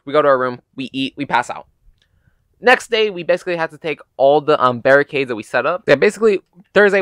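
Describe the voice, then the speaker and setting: A man's voice: medium pitch, a bit bright, no room sound. A young American man tells a casual, profane, rambling story in his vlog, full of filler words. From United States. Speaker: gaming YouTuber.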